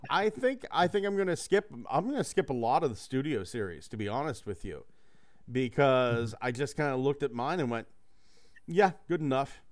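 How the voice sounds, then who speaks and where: A man's voice: medium pitch, big pitch swings, normal speed. A man co-hosting a casual podcast chat, rambling and joking, swearing freely.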